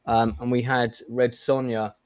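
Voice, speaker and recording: A man's voice: mid-range voice, level tone, measured pace, clean tone, no room sound. A man hosting a casual chat show, talking bluntly with lots of fillers and restarts. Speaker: host.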